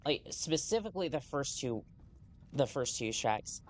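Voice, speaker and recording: A woman's voice: extremely low pitch, lively intonation, a little hiss or hum. Rambling woman streamer narrating gameplay. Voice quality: rambling, self-correcting, reads on-screen text slowly. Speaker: game streamer. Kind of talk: casual gameplay commentary.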